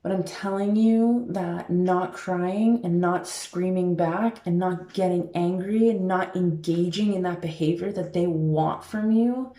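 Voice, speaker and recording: Woman giving life advice, mellow kinda low voice, lots of likes, echoey room. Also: a little slow, hardly any pauses. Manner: emphatic, frequent filler words. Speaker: life coach. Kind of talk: casual advice talk to camera. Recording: roomy echo.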